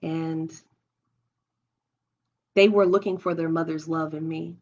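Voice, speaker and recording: Taking her time in a low, steady, darkish voice, a young woman streaming live from home speaks emotionally and openly about her experiences. She thinks aloud with many restarts, and the stream audio is dull and lo-fi.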